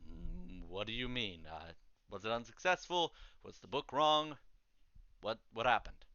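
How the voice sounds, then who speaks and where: A man's voice: lowish voice, animated, pushed and bright, no room sound, highs cut off, full character voice. Man doing a pompous, formal school headmaster. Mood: puzzled. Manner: formal, measured speech-giving. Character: calm, pompous older male school headmaster.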